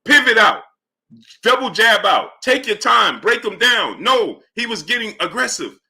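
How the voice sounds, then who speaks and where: A man hosting a live boxing stream, breaking down fights and greeting chat viewers, animated and repeating "right?" and "you understand?" between points. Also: unhurried, gravelly, breathy edge. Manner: low mumbled shout-outs to viewers. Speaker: livestream host. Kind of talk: live boxing commentary and chat shout-outs.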